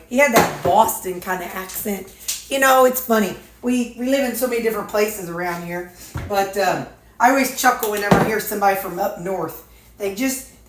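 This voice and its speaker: Folksy woman with a stuffy nose. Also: mid-range voice. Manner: folksy, rambling, chatty. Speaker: weight-loss vlogger. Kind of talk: casual chat. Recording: echoey room, faint noise.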